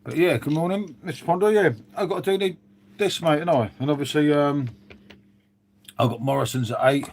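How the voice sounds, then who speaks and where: A man's voice: a little high, a little fast, darkish tone. A man chatting casually on a live stream, reading out viewer comments with lots of "mate" and "um".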